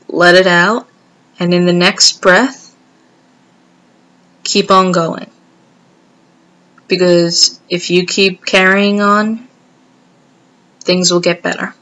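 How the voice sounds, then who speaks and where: Slow, gentle woman with a flat, low voice. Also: rough recording. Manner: gentle, earnest, halting with many pauses. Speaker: vlogger. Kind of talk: heartfelt direct-to-camera message.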